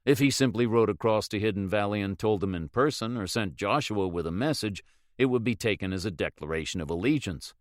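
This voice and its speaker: A man reading a novel aloud in measured, even scripted narration. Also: fairly low pitch, no echo, clean studio sound. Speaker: audiobook narrator.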